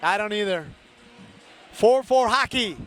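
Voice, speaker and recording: A man calling a youth hockey game live, rattling off player names, shouting on big plays and chatting to listeners between whistles. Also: sits high, animated, unhurried, faint music behind. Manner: chatty asides, greeting listeners by name. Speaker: hockey play-by-play announcer. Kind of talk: live play-by-play commentary.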